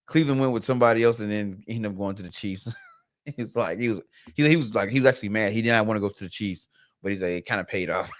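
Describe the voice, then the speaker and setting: Quick and lowish in pitch, this male podcast co-host talks sports in a relaxed way. He tells stories animatedly, restarting phrases, repeating words, and performing the voices of those he quotes.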